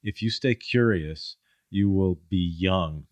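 A middle-aged man talking as a guest, with a low voice. He tells stories loosely and acts out the people in them. The sound is dry and close. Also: slow pace, no echo. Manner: storytelling, acts out quoted people in a raised voice. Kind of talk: casual conversation.

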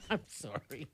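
A man's voice: sits high, bright, forceful tone, breathy edge, no echo. A man co-hosting a morning radio show, chatting casually and laughing often.

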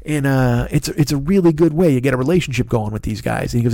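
A man's voice: mid-range voice, fast talker, warm tone, no echo, studio quality. A man in his fifties, a comedian and podcast host, rambling through a casual, profane, self-deprecating monologue. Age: 50s.

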